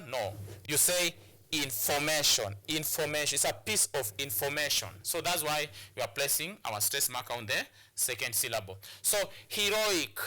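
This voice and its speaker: A man with a Kenyan English accent gives a classroom-style broadcast lesson. His voice sits a little high and rings very bright. He repeats key words and circles back on his phrases as he explains. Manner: repetitive, restarts phrases, drills words aloud. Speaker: teacher. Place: studio or classroom for educational broadcast.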